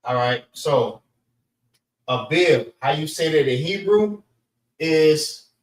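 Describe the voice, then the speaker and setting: A man teaching an informal scripture class in a relaxed way, often saying "all right" between points. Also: on the high side, takes it slowly. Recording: roomy echo.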